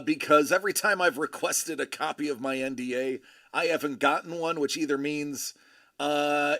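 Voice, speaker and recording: An American man with a fairly high, bright voice chats casually on his stream. His talk rises and falls a lot as he rambles and jokes. He pads his sentences with fillers and restarts. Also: vocal fry. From United States. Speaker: livestream host and father.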